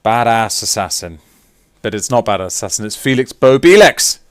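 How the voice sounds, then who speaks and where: A man's voice: on the low side, lively intonation, normal speed, smooth, no room sound, clean studio sound. A man chatting casually with viewers on a live stream while signing autographs, teasing and reading out names.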